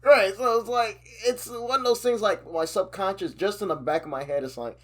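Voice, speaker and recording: A man's voice: high voice, moderate pace. A man co-hosting a podcast, chatting casually in a loose, rambling way with lots of fillers. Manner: animated, rambling, many fillers. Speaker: podcast co-host.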